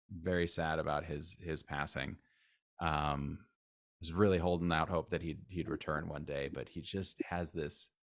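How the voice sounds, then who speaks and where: A low-pitched man, a guest in a casual interview, talks with enthusiasm and rambles. Every so often he breaks into sudden, loud acted outbursts.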